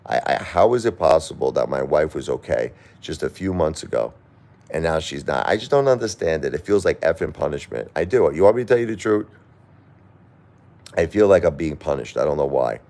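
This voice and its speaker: A middle-aged man on a live stream, talking through grief and reading viewer comments, halting and repeating himself, at times crying. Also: extremely low pitch, very animated, dark tone. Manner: halting, repeats words, grief-stricken and pleading. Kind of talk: emotional live-stream talk.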